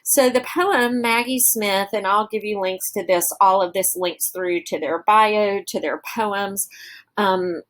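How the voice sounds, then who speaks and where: A woman's voice: medium pitch, unhurried, a bit bright. A woman teacher walking through classroom exercises on her slides, thinking aloud with frequent fillers. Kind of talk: presenting teaching ideas over slides.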